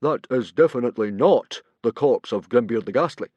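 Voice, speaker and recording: A booming, blustering Viking chief from a children's story, voiced by a man reading aloud. He speaks in a hearty, chest-out manner, louder than the narration. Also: expressive, normal speed, dry recording, close to an everyday voice.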